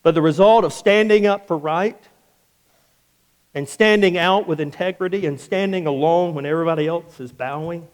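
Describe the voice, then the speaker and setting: A male pastor preaching a sermon emphatically, repeating phrases and dropping low and quiet on key words. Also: normal speed.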